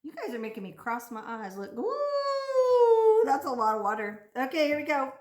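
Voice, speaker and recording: A woman leads a children's speech lesson in a high, bouncy voice that swoops all over the place. She talks slowly and plays it up for young listeners. The room around her sounds roomy and echoey. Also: huge pitch swings, a little mellow. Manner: sing-song, exaggerated and playful, speaking slowly to children.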